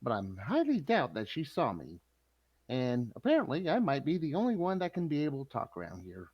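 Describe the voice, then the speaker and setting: A woman voicing a weary, defensive gnome in a tabletop game, speaking low and muted with heavy sighs. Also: huge pitch swings, brisk, husky, dry recording, exaggerated voice. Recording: dull, muffled online audio.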